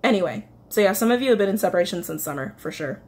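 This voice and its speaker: A woman talking her way through a tarot reading for her subscribers in a loose, rambling way, full of fillers and restarts. She swings between excited and teary as she goes. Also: mid-range voice, very fast, slight background noise. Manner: chatty, rambling, emotional, frequent fillers and self-corrections. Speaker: tarot reader. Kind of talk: casual spoken tarot reading.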